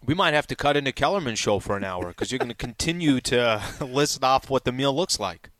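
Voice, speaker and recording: A man's voice: medium pitch, animated, fairly bright tone, no room sound. Teasing male radio co-host, mid voice. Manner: teasing, halting when put on the spot. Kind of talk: casual sports radio banter.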